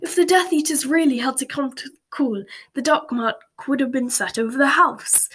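A woman voicing a calm, very old male wizard who speaks quietly and politely, in a whispered storybook reading. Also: high voice, normal speed, voice pushed up. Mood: amused. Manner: quiet and composed.

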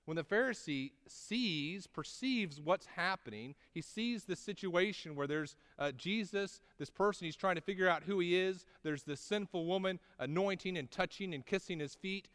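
A male pastor with a fairly high voice preaches a storytelling sermon, climbing in pitch and volume at the dramatic parts and slowing down to press a point. His voice carries a long reverb, as if in a large hall. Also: fairly bright tone, clean tone. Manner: conversational with tag questions and restarts.

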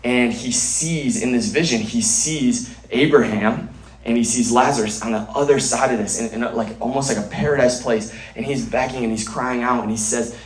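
A man's voice: medium pitch, normal speed, roomy sound, a little hiss or hum, poor audio. A man preaching a sermon at a church gathering, earnest, often restarting and repeating words.

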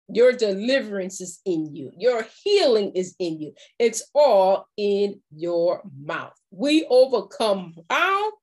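A woman giving a faith-based motivational talk as a confidence coach, acting out little dialogues in an animated way. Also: mid-range voice.

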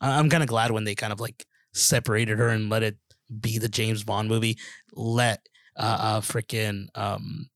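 A man's voice: lowish voice, steady tone, normal speed, fairly bright tone, no room sound, clean studio sound. A man co-hosting a casual movie review podcast, rambling with many restarts and laughing often. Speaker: podcast co-host.

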